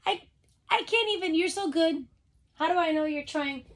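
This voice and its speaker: A woman teacher giving a phonics lesson to young children over a video call, sounding out letters slowly and cheering them on. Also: very high-pitched. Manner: upbeat, encouraging, speaks straight to the kids.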